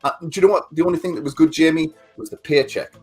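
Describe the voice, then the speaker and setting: A man's voice: a little high, steady tone, quick pace, a little mellow, breathy edge, soft background music. A man in casual chat, ranting and swearing as he reviews a film he hated. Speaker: podcast co-host.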